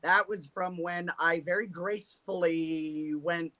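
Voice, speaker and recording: A woman guest with a bright, clear voice on a casual talk show. She tells her own stories candidly, laughing at herself and swearing now and then. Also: fairly low pitch, steady tone, slow pace. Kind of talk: casual chat.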